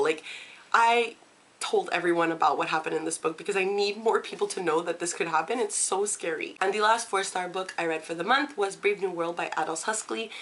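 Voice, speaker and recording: A woman's voice: fairly low pitch, fairly bright tone. A young woman reviewing books in a casual vlog, enthusiastic and full of fillers. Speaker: book vlogger.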